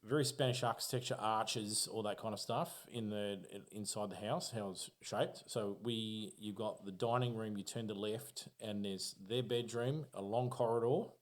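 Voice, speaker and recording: Australian man, podcast guest, slightly low voice, swears freely, animated storyteller, casual chat. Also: moderate pace, few pauses. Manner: profane, animated, acts out his own reactions.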